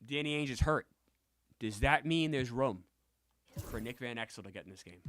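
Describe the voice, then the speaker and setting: A man streaming a basketball video game, chatting and bursting into loud yelled celebrations, sometimes out of breath. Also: mid-range voice, expressive, normal speed, a little hiss or hum. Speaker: gaming streamer. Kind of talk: excitable gameplay commentary.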